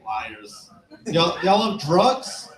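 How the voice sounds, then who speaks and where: A man of twenty-eight doing a crude, deadpan stand-up set in a small club, asking the crowd questions. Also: sits high, very slow. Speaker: stand-up comic. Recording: roomy club echo.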